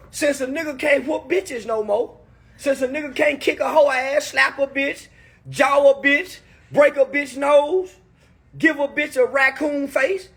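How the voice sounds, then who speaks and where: A man on a phone livestream delivering a loud, crude, animated comedic rant, laughing often. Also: extremely high pitch. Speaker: livestream commentator.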